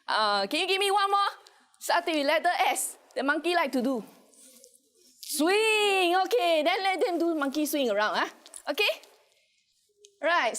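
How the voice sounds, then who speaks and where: A woman with a Singaporean English accent, an educator giving an animated conference workshop and often checking in with her audience. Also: sits high. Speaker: early childhood educator presenting at a conference.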